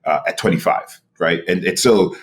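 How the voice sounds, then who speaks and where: A New Yorker in his forties, an executive director guesting on a podcast, recounts his career in a storytelling interview. His deep voice moves at normal speed, and he's animated, laughing often, restarting sentences, and tossing in a rhetorical "right?" again and again.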